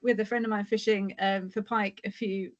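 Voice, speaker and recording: A woman's voice: medium pitch, flat delivery, normal speed. A woman guest in a casual group chat, telling anecdotes in a chatty way. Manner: chatty storyteller, tells anecdotes. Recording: slightly dull lo-fi sound.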